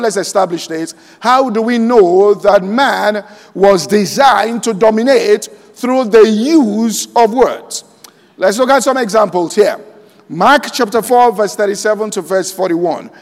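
Male pastor with a very high voice, preaching slowly to a congregation in a reverberant hall. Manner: preaching slowly and deliberately, quoting scripture aloud; checks in with the congregation often. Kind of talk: sermon. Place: large church hall.

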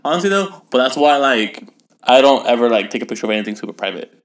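Young male podcast co-host, quick loose delivery, lots of swearing and laughter. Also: mid-range voice, animated. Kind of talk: casual chat.

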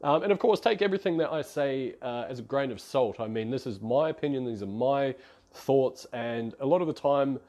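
A man's voice: mid-range voice, expressive, fairly quick, darkish tone. A man, hosting a solo podcast in a chatty, rambling, self-deprecating way. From New Zealand. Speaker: podcast host.

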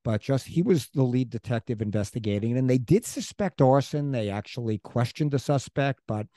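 A man's voice: medium pitch, expressive, moderate pace, warm tone, no echo. A man co-hosting a podcast, telling local history in a chatty, rambling way with restarts and asides. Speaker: podcast co-host. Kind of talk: casual chat about local history.

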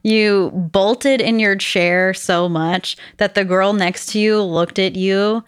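A young woman co-hosting a podcast in casual chat, blunt and laughing often, animated when retelling stories. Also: mid-range voice, slow, clear, resonant tone, no room sound, studio quality. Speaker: podcast co-host.

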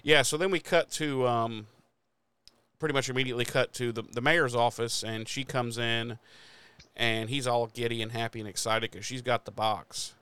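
A man talks through a TV episode recap in a loose, rambling way, dropping swear words constantly and breaking into laughs. His voice is smooth and clear, recorded dry and close with no room sound. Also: mid-range voice, fairly even intonation, moderate pace, a bit bright, no room sound. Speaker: podcast host recapping episodes. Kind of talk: casual profane recap chat.

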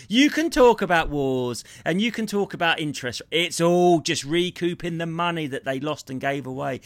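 A man, a comedian co-hosting a podcast, telling stories and ranting in a sweary, animated way. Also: mid-range voice, moderate pace, hardly any pauses, dry recording. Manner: sweary, ranting, jumps between impressions and storytelling. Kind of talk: casual comedy chat.

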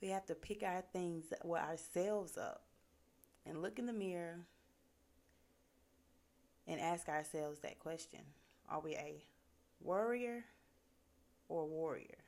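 A woman with a fairly low voice speaks in a casual motivational talk. She is earnest and conversational, and her sentences are full of "like". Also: unhurried, long pauses, a little mellow. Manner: earnest, conversational, many fillers like "like".

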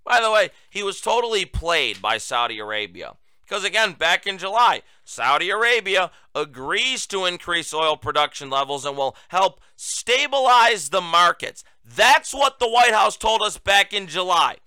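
Sarcastic high-voiced talk-show man. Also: very animated, normal speed, hardly any pauses, clean tone, no echo. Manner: sarcastic, combative, mocking; raises voice to near-shouting for emphasis. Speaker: host. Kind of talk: political commentary monologue.

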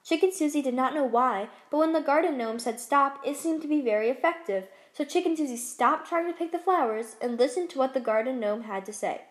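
A woman reading her own children's story aloud, gently and expressively. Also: sits high, a little fast, hardly any pauses.

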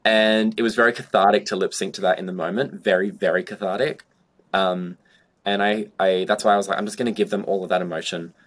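This young drag performer's voice is low and a bit bright, holding a steady tone at a fast clip. Interviewed, he rambles through anecdotes, leaning hard on "like" and cursing freely.

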